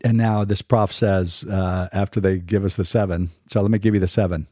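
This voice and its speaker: Deep, steady, and mellow, this middle-aged Southern man's voice moves at a fairly quick pace in a clean studio recording without echo. He hosts a podcast, speaking a scripted monologue in a mostly standard American accent with wry, sarcastic remarks.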